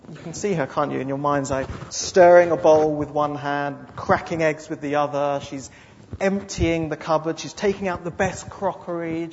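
A man's voice: fairly high pitch, steady tone, normal speed, slight background noise. A man preaching a sermon with dramatic storytelling and repeated phrases. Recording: dull lo-fi sound with long hall reverb.

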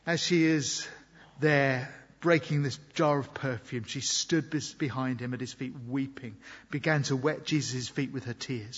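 Preacher guy, earnest sermon, bit husky, going loud then soft, long hall reverb. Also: medium pitch, dull audio. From Britain. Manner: earnest, reflective, swings between loud emphasis and quiet asides.

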